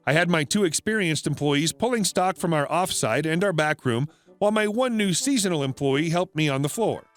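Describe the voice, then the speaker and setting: Lively high-voiced male story narrator. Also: no room sound. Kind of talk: reading online stories.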